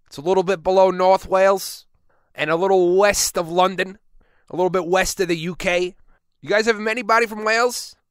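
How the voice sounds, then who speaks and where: A man's voice: a little high, a bit bright, clear, resonant tone, dry recording, studio quality. A man hosting a podcast, reading out listener submissions and riffing on them with rambling jokes. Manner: joking, rambling asides. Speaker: podcast host.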